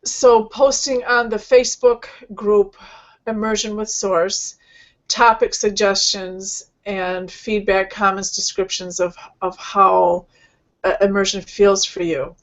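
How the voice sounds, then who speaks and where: A woman hosting an online healing session, speaking gently and rambling, with many fillers and restarts. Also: mid-range voice, level tone, takes it slowly, dull audio. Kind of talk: casual spiritual talk.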